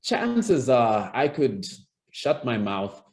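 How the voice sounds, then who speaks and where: A public speaking coach runs an online presentation skills lesson over video, his medium-pitched, sing-song voice slow and darkish in tone. He talks conversationally, restarts often, and acts out example lines.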